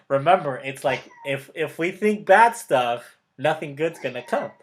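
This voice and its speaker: An unhurried man with a slightly high voice and lively intonation plays motivational mentor in a relaxed coaching chat. He's enthusiastic and emphatic, hammering key words, laughing often mid-sentence, and calling the listener bro or brother.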